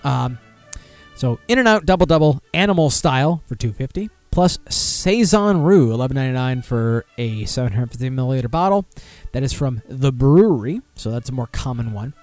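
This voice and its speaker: A man's voice: mid-range voice, normal speed, no room sound, faint music behind. A man hosting a podcast, chatting casually and reading out food and beer pairings with plenty of swearing. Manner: profane, animated, breaks off to comment. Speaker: podcast host. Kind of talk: casual chat, reading aloud.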